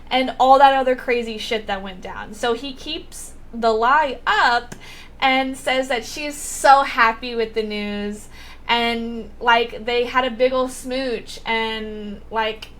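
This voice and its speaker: A woman's voice: on the high side, takes it slowly, a bit bright. A woman vlogger recapping a TV episode in a casual, rambling way, with lots of filler words and swearing.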